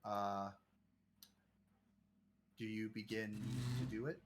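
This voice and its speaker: Man, game master, measured narration with "uh" pauses, faint hiss behind. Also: fairly low pitch, steady tone. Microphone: online voice call.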